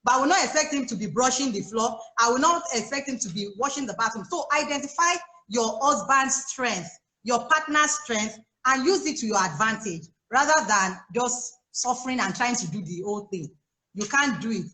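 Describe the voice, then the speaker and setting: A woman with a Nigerian English accent, a life coach giving chatty, animated advice to new mothers on a video call, laughing often. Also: fairly high pitch, normal speed, roomy sound. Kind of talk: casual advice on a live chat. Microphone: phone or laptop on a video call.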